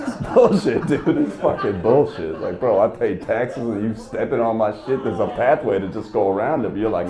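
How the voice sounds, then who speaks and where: Profane man doing stand-up, low voice. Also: animated, normal speed, a crowd in the background. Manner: profane, exasperated storytelling. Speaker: stand-up comedian. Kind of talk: stand-up comedy set.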